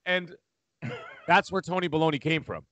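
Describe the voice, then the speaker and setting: A man, chatting casually as a podcast co-host, rambling and animated. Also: mid-range voice, a little fast, dry recording. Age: 40s. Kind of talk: casual chat.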